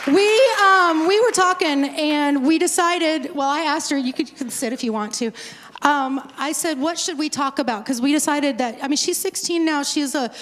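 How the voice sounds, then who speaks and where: A woman's voice: sits high, normal speed, a bit bright, a little hiss or hum. A woman pastor in her forties talking casually to a crowd, joking and rambling with asides. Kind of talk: casual talk to a conference crowd. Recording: long hall reverb.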